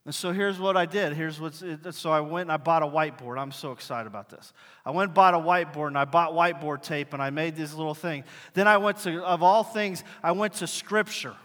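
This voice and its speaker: A male pastor preaching a sermon in a high, bright voice. He talks in a conversational, animated way and acts out bits of dialogue. The sound rings with the long reverb of a big hall. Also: a little fast. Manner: animated storytelling, acting out dialogue.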